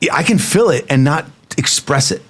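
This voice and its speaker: A man's voice: a little high, animated, normal speed, slightly rough. A man co-hosting a podcast with his wife, talking in a casual, emphatic, easygoing way. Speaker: co-host, husband. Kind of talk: casual couple's podcast chat.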